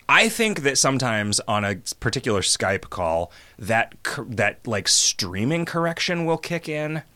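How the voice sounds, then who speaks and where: Low-ish guy with a bright edge, goofing around on a podcast, rambly explainer. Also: big pitch swings, normal speed, hardly any pauses. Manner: rambling, joking, explains at length. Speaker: podcast host. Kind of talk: casual chat over a call.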